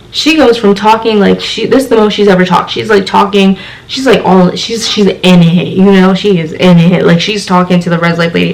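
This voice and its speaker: A woman's voice: medium pitch, fairly even intonation, normal speed, creaky, poor audio. A young woman telling a story on her vlog, chatty and exasperated, full of "like" and "you know.". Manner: chatty, filler-heavy retelling with lots of "like". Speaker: vlogger.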